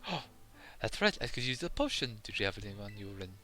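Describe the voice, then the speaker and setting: A man voicing an excitable, flustered young man with a put-on French accent, fretting and theatrical. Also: mid-range voice, fairly quick, soft background music. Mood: frantic.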